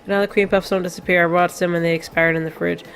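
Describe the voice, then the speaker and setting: A woman reading aloud the lines of a quiet, grieving teenage boy from a video game, in her own plain voice. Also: lowish voice, level tone, fast talker, soft background music. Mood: wistful.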